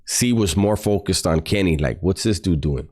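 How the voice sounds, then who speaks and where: A man's voice: low-pitched, lively intonation, moderate pace, a little mellow. A man recounting a personal story as a podcast guest, blunt and profane, full of street slang.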